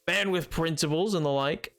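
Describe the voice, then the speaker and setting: A man's voice: on the high side, normal speed, a bit bright. A young man streaming a game, chatting casually with chat in a rambling, self-deprecating way with playful bits. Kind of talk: casual chat while gaming, reading chat aloud.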